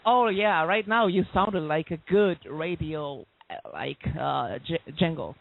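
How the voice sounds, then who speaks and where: A musician guest from Greece with a slightly high, gravelly voice, laughing often and reaching for his English words. The call sounds dry and tinny, like a phone line. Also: lively intonation, measured pace. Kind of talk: interview over a call.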